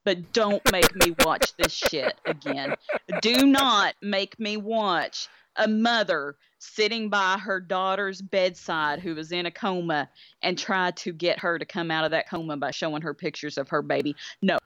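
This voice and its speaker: A woman's voice: on the low side, measured pace, background noise. A woman, co-hosting a casual, profane movie chat in a blunt, exasperated way. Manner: blunt, exasperated, swears a lot. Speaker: podcast co-host. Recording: dry, slightly dull sound.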